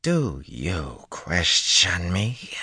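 A man's voice: rumbling low, takes it slowly, fairly bright tone, dry recording, full character voice. Audiobook: man doing a haughty woman commander, clipped and snappish, dry booth sound. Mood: furious. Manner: curt, snapping, demanding. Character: imperious high-born woman commander, cold and quick to anger. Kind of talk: audiobook reading.

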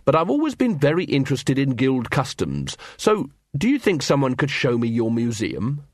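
Man voicing earnest young watch corporal, courteous, deliberate, dry close sound. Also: mid-range voice, huge pitch swings, no echo. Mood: polite.

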